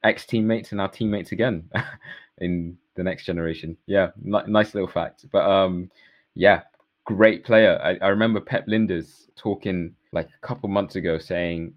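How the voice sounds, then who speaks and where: A man co-hosting a casual podcast, sharing facts in a relaxed way with fillers. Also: sits low, normal speed, dry recording. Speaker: podcast co-host. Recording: dull dry lo-fi sound.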